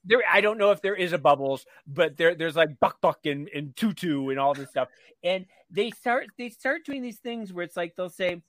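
A man's slightly raised voice carries an animated, gushing tone as he chats on a radio show. The studio sound is dry and close. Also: high voice, normal speed, dry recording. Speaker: radio co-host. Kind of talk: casual chat.

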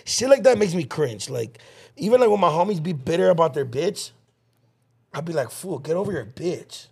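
A man co-hosts a casual chat podcast. He rambles through stories in slang, cursing freely. His voice sits a little higher than most men's. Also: lively intonation, moderate pace, gravelly, a little mellow, husky. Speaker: podcast co-host.

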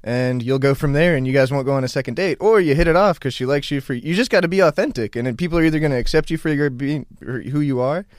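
A man's voice: fairly high pitch, quick pace, few pauses, no echo, studio quality. A man hosting a podcast, giving laid-back, profane advice in casual chat.

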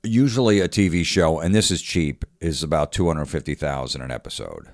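A man's voice: rumbling low, fairly quick, dry recording, studio quality. A man from Florida chatting casually as a podcast guest, acting out the voices of people in his stories. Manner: animated storyteller, acts out quoted voices. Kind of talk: casual storytelling chat.

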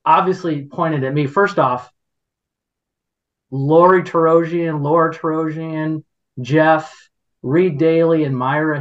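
A middle-aged man telling a story on a podcast in a rambling, indignant way, with many restarts. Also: fairly high pitch. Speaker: podcast guest. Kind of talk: casual conversational storytelling. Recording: dull lo-fi podcast audio.

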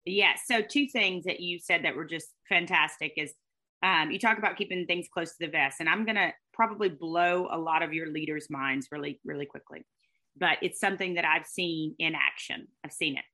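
A middle-aged woman, a guest telling her story in an expressive, fast way. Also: deep voice. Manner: fast, expressive, with faith talk and laughter. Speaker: guest, speaker and former sportscaster. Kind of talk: animated storytelling interview.

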